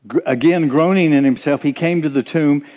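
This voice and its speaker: A man's voice: fairly high pitch, moderate pace, a little mellow, long reverb tail. Man, preacher, sermon, earnest, questioning listeners. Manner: earnest, asks the congregation questions.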